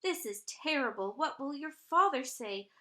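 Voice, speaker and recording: A woman voicing a fretful, excitable mother in a storybook, with worried, high exclamations. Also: a little slow, heavily acted. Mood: fretting.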